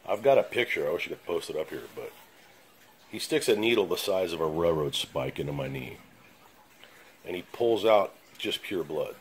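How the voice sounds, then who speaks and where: Middle-aged man, very low voice, blunt profane storyteller; faint hiss behind. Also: fairly quick, poor audio. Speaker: channel host. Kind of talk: casual storytelling to camera. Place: his house basement.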